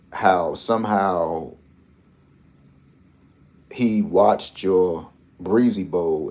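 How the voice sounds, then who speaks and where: A man's voice: low voice, a little mellow. A man hosting a lottery channel, talking in a rambling, repetitive, teasing way with speech. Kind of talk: casual commentary.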